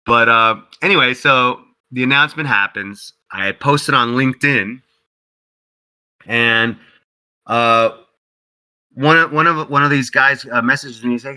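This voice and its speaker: A man talks through his story as an interview guest, loose and chatty, leaning on "like" and "you know." His voice is very bright and forward, and he jumps up into a higher pitch whenever he acts out what someone else said. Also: a little slow, clean tone, poor audio. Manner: animated storyteller who acts out quotes in a higher voice; heavy use of "like" and "you know". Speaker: interview guest, game developer.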